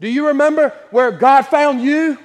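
High-pitched guy preaching hard in church, long echo trailing off the walls. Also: moderate pace. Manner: impassioned preaching, rising to shouts. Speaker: pastor. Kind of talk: sermon. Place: church sanctuary.

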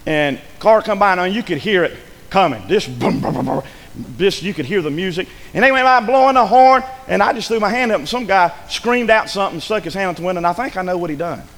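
A man preaching a sermon as pastor, telling a story with fervour, dropping to a hush and then rising to a shout. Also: high voice, lively intonation, quick pace. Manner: fervent storytelling, swings between hushed and shouted. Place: church sanctuary. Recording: echoey hall with faint ambience.

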